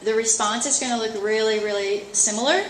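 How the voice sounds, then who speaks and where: A middle-aged woman coach teaching a live seminar at a horse expo, chatty and lively, acting out her inner thoughts. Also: fairly high pitch, a little fast, slight background noise. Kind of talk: live talk to an audience. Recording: roomy echo, faint ambience.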